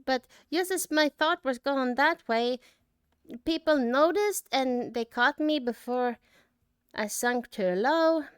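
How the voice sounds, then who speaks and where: Holding back tears, an artist gives a choked-up personal reflection, stopping and starting often and letting phrases trail off. She has a high, smooth voice, captured in a dry, studio-quality recording.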